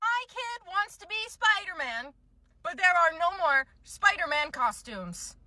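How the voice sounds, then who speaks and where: A woman's voice: extremely high pitch, big pitch swings, measured pace, sharp tone, voice pushed up, full character voice. A woman voicing a pushy, whiny mother hunting for a costume and blaming the clerk.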